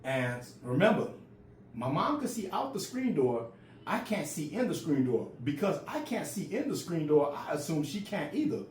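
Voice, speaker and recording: A man's voice: on the high side, big pitch swings, moderate pace. A man in his forties who stutters, telling a personal story in a casual, raw way. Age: 40s. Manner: stutters, repeats words. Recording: roomy with faint ambient noise.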